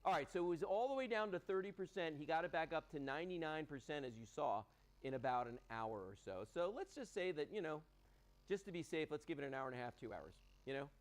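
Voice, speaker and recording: Lively, chatty shopping-channel man. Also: fairly high pitch, quick pace, poor audio. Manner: chatty, enthusiastic, lots of fillers. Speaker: home shopping host. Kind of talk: live TV product demonstration. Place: TV studio. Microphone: earpiece and studio mic.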